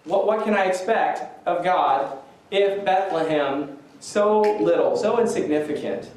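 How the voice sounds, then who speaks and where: A man preaching to his congregation in a loose, chatty way, joking at his own expense. His voice sits a little high for a man. He sounds distant from the microphone, in a very echoey church with a faint hiss behind him. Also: a little slow, a little mellow. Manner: conversational, self-deprecating with chuckles. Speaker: pastor. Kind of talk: sermon. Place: church sanctuary.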